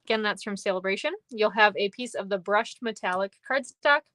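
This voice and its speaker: A woman's voice: medium pitch, fairly quick, pushed and bright, dry recording. A woman running a live card-making tutorial, chatty and upbeat, thanking viewers by name as she works. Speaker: papercraft demonstrator. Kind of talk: live-stream craft tutorial.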